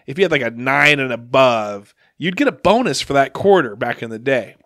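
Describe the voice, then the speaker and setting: Speaking at a normal pace and medium pitch, a middle-aged man co-hosts a podcast, spinning animated stories and laughing often in casual talk. The recording is dry, with clean studio sound.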